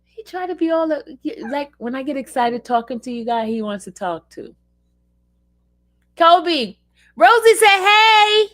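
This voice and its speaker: Woman on a casual livestream, kinda higher voice, chatty and expressive with her viewers and her dog. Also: fairly quick, few pauses. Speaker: livestream host.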